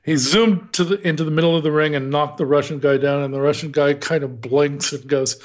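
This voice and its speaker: A man's voice: on the high side, fairly even intonation, a little fast, hardly any pauses. An American man co-hosting a casual history chat, telling stories in a wry, digressive way and chuckling at his own anecdotes. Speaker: podcast co-host.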